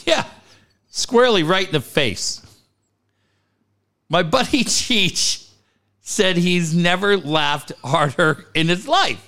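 A man's voice: sits high, animated, takes it slowly, long pauses, sharp tone. A man from Cardiff telling a story in casual chat, profane, laughing and acting out the voices.

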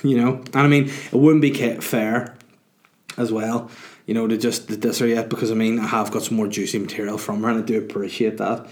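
A man's voice: medium pitch, little pitch movement, quick pace, darkish tone. A man talks through his podcast in a loose, casual monologue. He rambles and mocks himself, with plenty of fillers and restarts. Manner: rambling and self-mocking, with many fillers. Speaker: podcast host and comedian.

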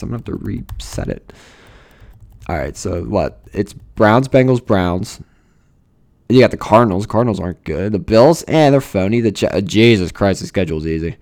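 A man's voice: fairly low pitch, lively intonation, normal speed, a little mellow. A young man, ranting casually and profanely, full of fillers and rambling asides. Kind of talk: casual rant.

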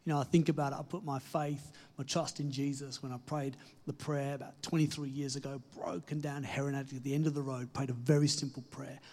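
Husky-voiced man preaching earnestly. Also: medium pitch, little pitch movement, brisk, hardly any pauses. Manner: earnest, encouraging, emphatic with soft dips and laughs. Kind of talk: sermon.

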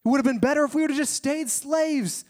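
A preacher voicing panicked, pleading Israelites. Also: male voice, quick pace. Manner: pleading, accusing, high and strained. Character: panicked Israelites crying out in fear.

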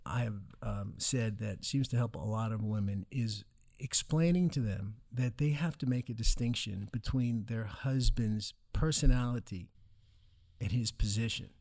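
A man's voice: lowish voice, a little mellow. A man teaching from scripture in a casual discussion, earnest and explanatory, telling stories to make his point.

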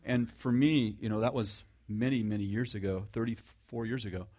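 A middle-aged man gives a relaxed, conversational sermon full of sarcastic, self-mocking humor. His voice sits lowish and his pace is moderate. He often restarts sentences and throws questions out to the audience.

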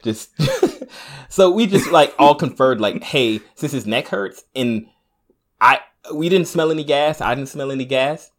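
A man's voice: mid-range voice, animated, a little slow. A man co-hosting a podcast, telling rambling anecdotes in casual chat and laughing often. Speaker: podcast co-host.

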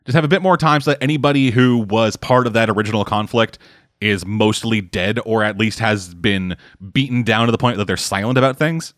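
A man's voice: fairly low pitch, a little fast, a bit bright, no echo, studio quality. A man in casual chat who rambles, swears often and fills his talk with "like" and "uh". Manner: rambling, swearing, lots of fillers.

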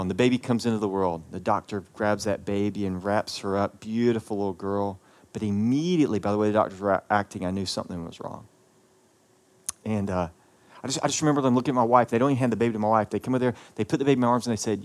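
A male pastor in his thirties delivers a sermon, drifting into a personal story. He speaks earnestly and with feeling, repeating words and pausing as he goes. His voice sits at an ordinary middle pitch. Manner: earnest, emotional storytelling with pauses and repetitions.

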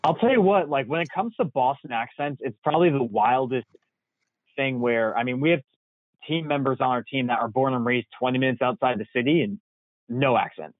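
A man's voice: mid-range voice, fairly quick, no room sound. A young man from Connecticut chatting casually, rambling with lots of fillers. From Connecticut, USA. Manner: relaxed, rambling with many fillers. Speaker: guest. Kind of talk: casual chat. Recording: tinny phone-like line.

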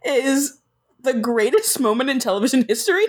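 A woman co-hosting a podcast, chiming in with quick jokes and giggles during a casual chat. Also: sits high, animated, background noise. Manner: quippy, giggly asides. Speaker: podcast co-host.

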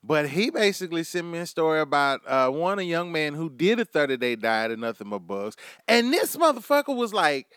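A man's voice: on the high side, animated, fairly quick, hardly any pauses, fairly bright tone, clear, resonant tone, dry recording, studio quality. A man hosting a comedy monologue, brash and crude, riffing with mock asides to an imagined crowd. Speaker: comedy podcast host.

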